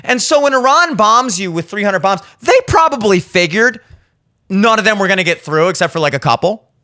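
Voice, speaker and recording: A man's voice: sits high, lively intonation, fairly quick, pushed and bright. A man in his thirties hosting a podcast, giving blunt, profane opinion commentary and acting out the people he quotes. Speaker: podcast host. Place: studio.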